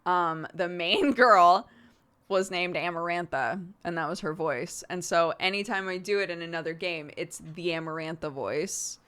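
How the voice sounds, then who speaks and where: This woman, who streams and does voice acting, talks at a normal speed in a lowish, clean, slightly bright voice. She answers her chat in a relaxed way, laughing frequently.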